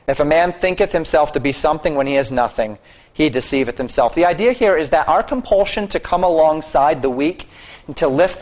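A man's voice: fairly high pitch, low-quality recording. A man preaching a sermon as pastor, earnest and exhorting, often dropping his voice for emphasis.

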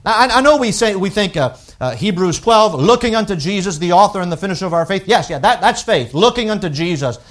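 A man preaching a sermon with emphatic swings from loud declarations to hushed, drawn-out lines, repeating words as he works through a thought. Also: sits high, lively intonation. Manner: unhurried, deliberate, with pauses and repeated words. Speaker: pastor.

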